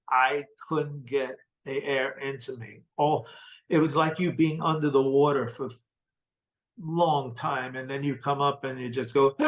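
Middle-aged male interview guest with an average pitch, earnest personal storyteller who repeats himself for emphasis. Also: a bit bright, low-quality recording.

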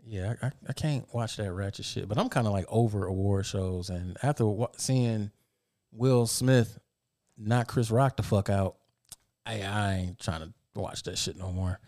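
A man hosting a loose group podcast, talking in a fairly low voice with a flat, weary ease. His delivery is blunt and full of swearing, as though the session has run long. The sound is dry and close on a podcast mic. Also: normal speed, no echo. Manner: laid-back, profane, blunt. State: tired, low energy. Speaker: podcast host. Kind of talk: casual group podcast chat.

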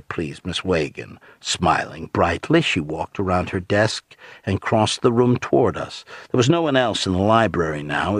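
A man reading a first-person novel aloud in a measured, hushed storytelling manner. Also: fairly low pitch, slightly rough, no echo, clean studio sound. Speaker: audiobook narrator. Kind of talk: first-person audiobook narration.

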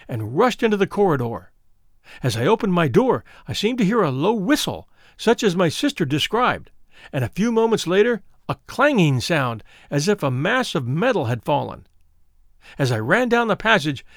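A man reading the part of a frightened young woman who recounts her twin sister's death, in an earnest, measured storybook telling. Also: high voice, fairly bright tone, no room sound, studio quality, full character voice. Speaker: audiobook reader.

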